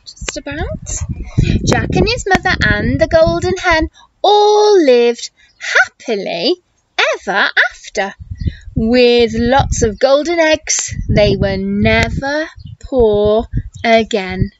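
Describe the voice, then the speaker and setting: Slow, animated woman reading a picture book. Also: on the high side. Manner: animated, gasping, asking questions. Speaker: teacher. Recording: muffled recording with hiss.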